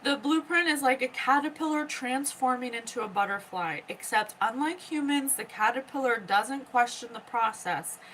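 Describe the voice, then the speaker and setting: A woman hosting a psychic podcast, slowly and earnestly relaying messages from spirit and often pausing to check in with "okay?". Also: sits high, expressive, fairly bright tone, slight background noise, rough recording. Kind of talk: slow spiritual teaching monologue.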